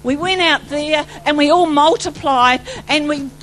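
High-pitched fervent New woman preacher. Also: a little slow, low-quality recording. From New Zealand. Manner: fervent, rambling, swings from loud to hushed. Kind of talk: charismatic testimony sermon.

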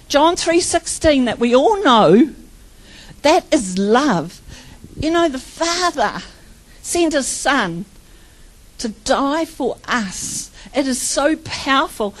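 A woman's voice: high voice, poor audio. A middle-aged woman preaching a personal testimony sermon, telling her story with laughter and tearful moments.

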